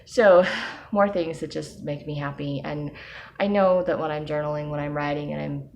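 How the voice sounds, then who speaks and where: Low-voiced woman, soft and hesitant. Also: fairly even intonation, gravelly, highs cut off, slight background noise. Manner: soft, hesitant, with many pauses and ums; breaks into small laughs often. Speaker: personal video diarist. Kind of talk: reflective personal vlog.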